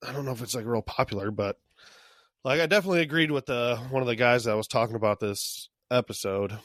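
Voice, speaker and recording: A man's voice: mid-range voice, quick pace, a bit bright, no room sound. Loose, swearing podcast guy, dry mic. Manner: loose, profane, laughing a lot. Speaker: podcast co-host. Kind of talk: casual chat.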